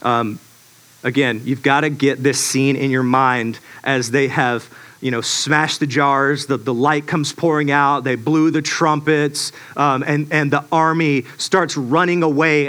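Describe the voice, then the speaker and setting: A man preaching a sermon in a relaxed, storytelling way, full of fillers and restarts. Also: a little high, moderate pace, clean tone. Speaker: pastor.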